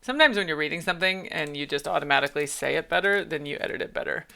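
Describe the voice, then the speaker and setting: A woman's voice: sits low, racing, creaky, bright, forceful tone. A woman streaming her writing session, thinking aloud, reading her draft lines back and humming placeholders as she edits. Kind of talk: casual livestream talk while writing.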